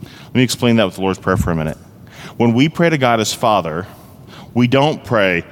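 A man preaches in a low voice, and it carries through the long reverb of a church hall with a faint rumble underneath. He is an earnest, heartfelt pastor. He drives quickly through explanation, then slows into weighty emphasis and spoken prayer. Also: expressive. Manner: earnest, heartfelt, shifts between brisk explaining and slow emphasis. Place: church sanctuary.

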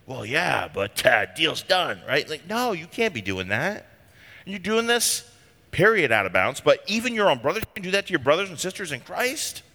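Animated, bright-voiced man preaching. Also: high-pitched, brisk, in a large hall. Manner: animated, conversational, emphatic. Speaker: pastor. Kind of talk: sermon.

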